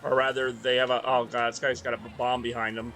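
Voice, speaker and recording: A man's voice: mid-range voice, flat delivery, a little fast, sharp tone. A young man streaming a racing game, chatting casually and rambling between laps. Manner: rambling, chatty, reads chat aloud. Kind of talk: casual rambling chat while gaming.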